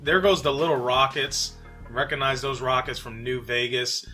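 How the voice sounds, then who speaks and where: New york guy chatting over a game trailer, bright voice, faint music behind. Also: medium pitch, moderate pace. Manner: relaxed, chatty, frequent fillers. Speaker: channel host. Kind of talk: casual gaming commentary.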